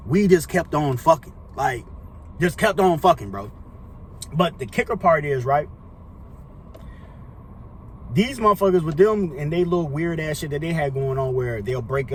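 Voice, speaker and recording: A young man with a somewhat high voice tells a loose, rambling storytime. He swears freely and leans on slang fillers. A faint hiss of noise sits behind him. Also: a bit bright. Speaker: storyteller vlogger. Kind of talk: casual storytime monologue.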